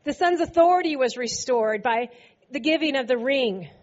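A woman's voice: sits high, lively intonation, moderate pace, dull audio. A woman preaching a sermon to a congregation, playful and laughing often as she acts out scripture quotes. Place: church service before a congregation.

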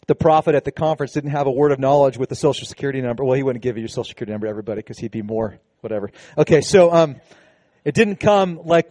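A man preaching a sermon to his congregation, animated and conversational, with casual asides. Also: medium pitch, no echo. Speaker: pastor. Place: church service with a congregation.

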